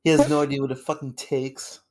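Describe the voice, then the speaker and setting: A man's voice: medium pitch, little pitch movement, fairly quick, a little mellow, lightly acted. A man voicing a bitter, egotistical man who rants with profane resentment during a voice-call fan fiction reading.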